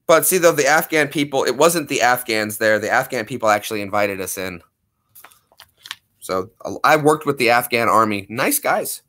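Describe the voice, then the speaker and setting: A man's voice: medium pitch, expressive, normal speed, sharp tone. A young man, a streamer, chatting casually with viewers and thanking them effusively. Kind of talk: casual livestream chat.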